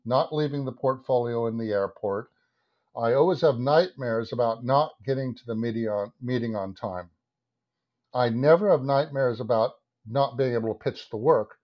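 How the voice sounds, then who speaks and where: A man's voice: mid-range voice, normal speed. A man in his fifties, an advertising creative director, telling a long story as a podcast guest, swearing and acting out his own thoughts. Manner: animated, swearing, acts out his own inner voice. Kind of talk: anecdotal storytelling in a podcast interview. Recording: dull lo-fi sound.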